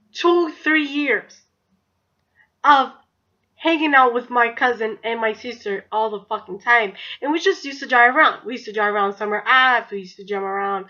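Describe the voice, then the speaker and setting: Bright-voiced New young woman. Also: a little high, lo-fi sound. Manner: chatty, profane, heavy use of "like". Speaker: vlogger. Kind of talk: casual storytime.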